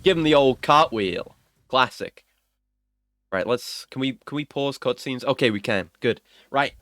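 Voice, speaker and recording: A man's voice: medium pitch, unhurried, no room sound. A man giving casual let's-play commentary on a video game, yelping and swearing when the game surprises him. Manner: excitable, yelps and swears at the game. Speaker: gaming streamer.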